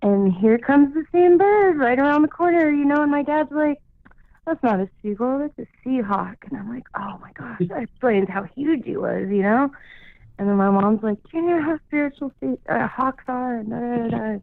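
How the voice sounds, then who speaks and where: A female caller on a radio show recounts a story casually, her talk packed with "like" and "you know." She speaks at a moderate pace in a slightly high voice with vocal fry, heard over a tinny phone connection with no room sound.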